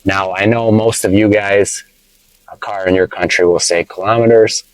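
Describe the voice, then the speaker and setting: A man teaching English vocabulary from inside his car, playful and explaining slowly with examples. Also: fairly low pitch, fairly even intonation, clean tone, no echo, poor audio. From United States. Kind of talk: casual teaching vlog.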